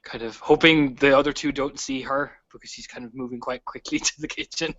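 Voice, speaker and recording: A man's voice: medium pitch, steady tone, a little fast. A man playing a tabletop role-play game, hesitantly describing what his character does, with many fillers. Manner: hesitant, filler-heavy, with soft laughs. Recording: dull lo-fi audio.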